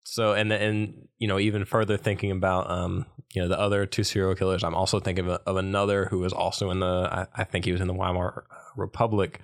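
A man's voice: low-pitched, flat delivery, quick pace, few pauses. A man co-hosting a podcast in casual chat, rambling and hesitant as he works through his thoughts. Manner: rambling, hesitant, lots of fillers and restarts. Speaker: podcast co-host.

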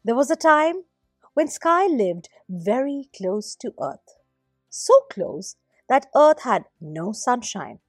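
A woman narrating a myth as a storyteller, in a gently expressive way. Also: on the high side, slow pace, slightly rough, no room sound, studio quality, soft background music.

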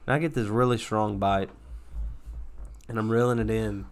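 A man with a lowish voice rambles through an outlandish fishing story as if it were sincere memory. He circles back, restarts and pads with fillers in easy podcast chat. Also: fairly even intonation, normal speed. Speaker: podcast co-host. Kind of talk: casual chat, absurd tall tales.

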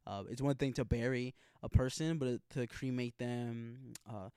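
A man's voice: mid-range voice, fairly even intonation, a little slow, dark tone, clean tone, no room sound, clean studio sound. A young man recapping a TV episode from his notes, casual, slangy and full of swearing. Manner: profane, slangy, emphatic. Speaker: TV episode reaction host.

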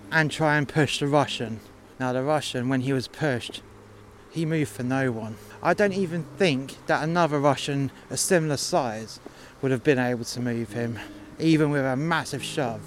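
A man's voice: medium pitch, slight background noise. Sweary man telling a story. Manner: blunt, sweary, mocking. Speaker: podcast storyteller. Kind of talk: profane casual storytelling. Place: outdoors in freezing cold.

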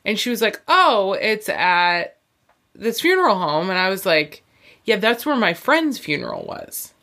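A woman's voice: medium pitch, a little slow. A young woman telling a personal story in casual chat, acting out the voices of her family and filling her speech with "like". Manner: animated, acts out quoted voices, lots of "like".

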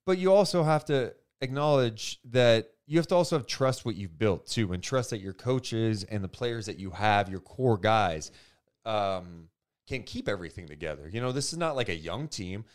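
A man's voice: fairly low pitch, moderate pace, clean tone. A man co-hosting a basketball podcast in casual, filler-heavy chat. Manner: animated, lots of fillers. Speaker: podcast co-host.

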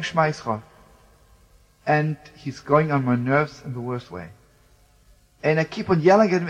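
A man telling a story with fervent emotion, sometimes dropping to a hush and sometimes singing phrases. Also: on the high side, moderate pace, pauses often, long reverb tail, poor audio. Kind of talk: spoken storytelling with sung phrases.

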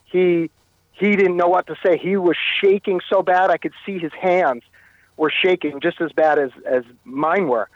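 As an interview guest, a Canadian man relates a personal story haltingly, frequently repeating and restarting phrases. His steady voice sits a little high for a man and comes through a dull, muffled line with no room sound.

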